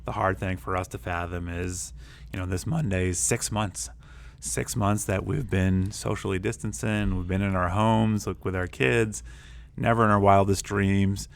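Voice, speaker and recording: Man, STEM teacher, casual chat, gravelly low voice, excited storyteller. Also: a little slow, slight background noise. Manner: energetic storyteller who acts out his own quotes. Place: school STEM lab.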